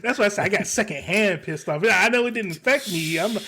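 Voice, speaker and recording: A man's voice: sits high, fast, pushed and bright, slight background noise. A man hosting a casual podcast, telling a story in a heated way and swearing freely. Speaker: podcast host.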